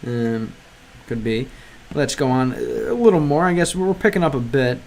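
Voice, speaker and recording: A man's voice: on the high side, expressive, moderate pace. A man livestreaming a game, translating lines aloud and chatting with viewers in a rambling, hesitant way. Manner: rambling and hesitant, many ums and restarts; translates aloud and answers chat. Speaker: livestreamer learning Spanish through a game. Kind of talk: casual live-stream chat.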